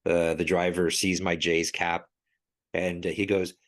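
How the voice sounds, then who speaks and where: Lower-voiced man, podcast guest, animated storyteller who laughs a lot. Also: unhurried. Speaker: podcast guest, sports logo expert. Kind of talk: casual podcast chat.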